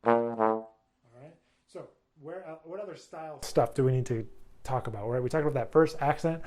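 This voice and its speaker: A man's voice: medium pitch, moderate pace, a little mellow. A male music teacher giving a jazz lesson. He counts the band in and scat-sings melody lines for the student to copy. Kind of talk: jazz lesson with sung examples.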